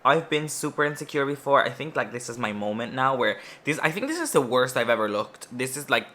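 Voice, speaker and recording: Woman vlogger with a Spanish mother tongue, bright tone, swears freely and jokes at her own expense. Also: rumbling low, very animated, a little fast. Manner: chatty, profane, self-mocking jokes. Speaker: beauty vlogger. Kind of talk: casual get-ready-with-me storytime.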